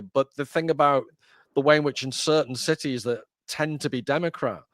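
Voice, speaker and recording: A man's voice: on the high side, no echo, studio quality. A man hosting a podcast, chatting casually in a wry, joking, rambling way. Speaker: podcast host. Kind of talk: casual conversation.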